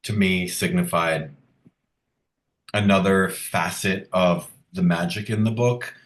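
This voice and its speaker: A man in his fifties with a very deep voice speaks earnestly and thoughtfully, pausing to search for words. His voice sounds roomy, as if picked up in an open space on a video call. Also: steady tone. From Long Island, New York. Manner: thoughtful, earnest, halting with fillers. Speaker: author guest. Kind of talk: reflective conversational interview.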